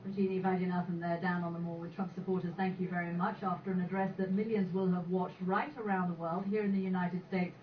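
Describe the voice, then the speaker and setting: Woman news anchor, formal measured delivery, distant TV audio, echoey room, muffled, noisy. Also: fairly low pitch, level tone. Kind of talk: broadcast news presenting. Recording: TV audio played in an echoey room, heard from afar, dull and noisy.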